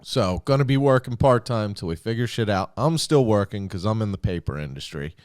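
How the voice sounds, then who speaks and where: A man hosting a podcast in casual chat, excitable and heavy on profanity. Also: lowish voice, fairly quick, no echo, clean studio sound. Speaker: podcast host.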